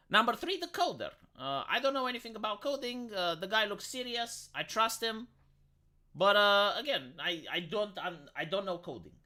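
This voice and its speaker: Blunt, swearing streamer with a bright, lively voice. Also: mid-range voice. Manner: blunt, profane, rambling rant; self-interrupting, repeats words. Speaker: live streamer. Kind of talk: casual livestream chat.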